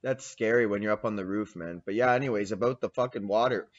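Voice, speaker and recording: A man's voice: lowish voice, fast, muffled recording. A man in his twenties hosting a casual podcast, rowdy and laughing, swearing a lot. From Canada. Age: 20s. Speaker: podcast host. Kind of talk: profane casual chat to camera.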